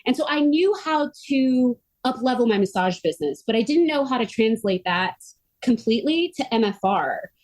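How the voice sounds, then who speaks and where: Earnest, animated woman with higher voice. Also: normal speed, few pauses. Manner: earnest and animated, frequent "like" fillers, quotes others in her own voice. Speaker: podcast guest, myofascial release therapist. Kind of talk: conversational interview storytelling.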